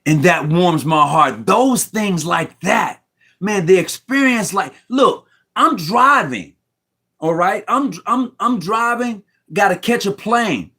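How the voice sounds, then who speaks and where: Middle-aged man, high voice, rambling and heartfelt, slangy, choked up at times, speaking over a video call from home. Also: animated, slow pace, pushed and bright, breathy edge. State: near tears. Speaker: Mason guest on a live stream. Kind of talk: emotional casual talk. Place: room at home.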